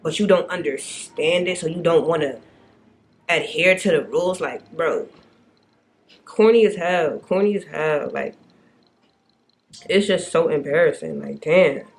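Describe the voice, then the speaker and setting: A woman's voice: low voice, measured pace, long pauses. A young woman, vlogging and ranting bluntly to the camera with plenty of swearing. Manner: exasperated, blunt, swears a lot. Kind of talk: casual vlog rant.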